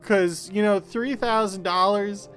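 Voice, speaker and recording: A man's voice: sits high, steady tone, measured pace, fairly bright tone, soft background music. A man co-hosting a podcast, reacting to a ghost story with questions, swearing and joking. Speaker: podcast co-host. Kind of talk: casual chat.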